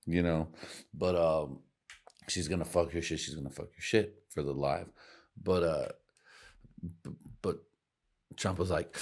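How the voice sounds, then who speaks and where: Low-voiced profane podcast host. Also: male voice, steady tone, moderate pace, a little mellow. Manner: rambling, profane, laughs at his own jokes. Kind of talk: casual profane podcast rant.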